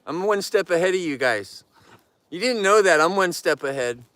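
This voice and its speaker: A man's voice: high-pitched, expressive, normal speed, a bit bright, dry recording. A man hosting a livestream from his yard, joking and chatting playfully with viewers. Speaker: livestream host. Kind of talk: casual live chat to viewers.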